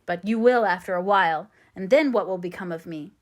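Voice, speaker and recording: A woman's voice: lowish voice, a little fast, close to an everyday voice. A woman voicing a passionate, pleading young man in an audiobook reading. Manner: impassioned, pleading.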